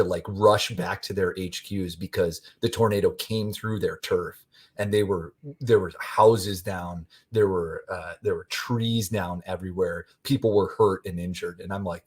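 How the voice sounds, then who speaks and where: A man, a podcast guest, telling a rambling, animated story in casual conversation. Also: lowish voice, slightly rough.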